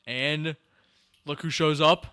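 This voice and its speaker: A young man with a bright, forceful voice gives casual running commentary on a film he is watching. He is excitable and keeps exclaiming and talking back at the screen. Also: fairly high pitch, slow, clear, resonant tone. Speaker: podcast host. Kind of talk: casual movie reaction commentary.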